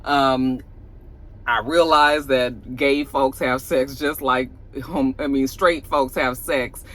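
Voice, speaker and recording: A man's voice: mid-range voice, slow. A man casually recapping and reviewing a TV episode, talking straight to his viewers and acting out lines with animation. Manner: animated, acts out characters' lines in a raised voice; chatty, talks straight to the viewers.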